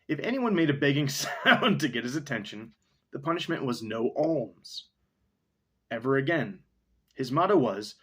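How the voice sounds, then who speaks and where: Husky young man reading a story casually. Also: mid-range voice, expressive, normal speed. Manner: rambling, stops for asides and dictionary look-ups.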